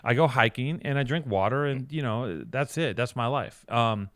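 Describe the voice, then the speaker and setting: Smooth-voiced man telling sarcastic stories. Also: medium pitch, moderate pace, no echo. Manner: rambling, sarcastic, profane storytelling. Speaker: podcast co-host. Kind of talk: casual chat.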